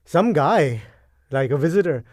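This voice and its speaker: A middle-aged man, a guest in an interview, telling his story in a casual, animated and emotional way. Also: on the high side, unhurried, dry recording, studio quality. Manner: animated, emotional, acts out past dialogue. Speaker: guest, event co-founder.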